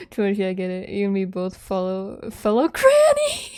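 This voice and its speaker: A woman's voice: medium pitch, monotone, brisk, warm tone, clean tone, faint music behind. A young adult woman streaming as a VTuber, chatting casually with lots of "like" fillers and frequent giggles. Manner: rambling, many "like" fillers, giggly. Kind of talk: casual live-stream chat.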